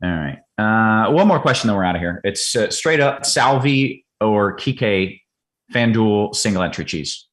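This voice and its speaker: A man hosting a casual sports betting chat, joking and firing off quick questions. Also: lowish voice, animated, a bit bright. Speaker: host.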